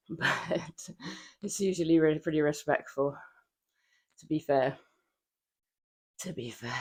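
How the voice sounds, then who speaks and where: A woman with a slightly low voice chats casually to her viewers during a workout, breathing hard between sentences. Her talk is playful and chatty, and she laughs easily. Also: darkish tone, slightly rough. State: out of breath from exercise. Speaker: livestreamer. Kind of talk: casual livestream chat while working out. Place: home flat.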